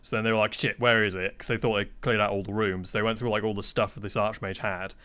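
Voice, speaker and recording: A man's voice: fairly low pitch, level tone, fast, a bit bright. A man on a podcast as a guest, telling game-master anecdotes in casual chat, acting out quotes and swearing freely.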